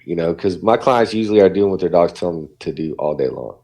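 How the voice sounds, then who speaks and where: A man's voice: low-pitched, lively intonation, moderate pace, mellow. A man, a dog behaviorist, talking casually on a podcast and acting out what dogs and people say.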